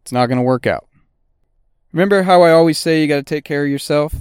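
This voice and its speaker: A man's voice: on the high side, fast, a little mellow, smooth, dry recording, clean studio sound. A middle-aged man hosting a podcast, talking bluntly and swearing constantly in a casual monologue. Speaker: podcast host; auto technician.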